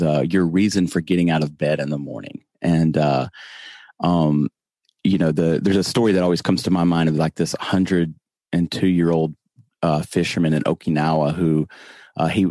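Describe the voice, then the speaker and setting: Southern US man, deep voice, unhurried and rambling, as an interview guest. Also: darkish tone, no room sound, studio quality. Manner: slow, meandering, halting restarts. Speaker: podcast guest. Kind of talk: casual interview chat.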